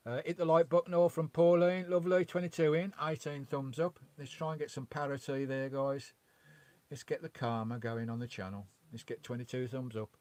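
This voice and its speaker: A man's voice: medium pitch, fairly even intonation, moderate pace, a little mellow, no room sound. A man chatting casually on a live stream from his campervan, reading out chat messages in a rambling way with mild swearing. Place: parked in a campervan.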